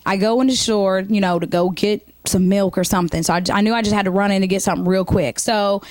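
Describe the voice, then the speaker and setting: A woman's voice: medium pitch, quick pace, no echo. Woman in her 30s telling funny stories, lots of you know, dry close mic. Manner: chatty, animated, many fillers. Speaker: comedian. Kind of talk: stand-up comedy monologue to camera.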